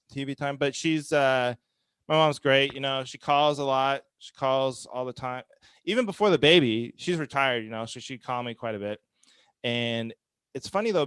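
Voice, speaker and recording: A man's voice: fairly high pitch, a bit bright, clear, resonant tone, no room sound. A man in his thirties doing a stand-up comedy set, telling self-deprecating stories in a dry manner and acting out quotes.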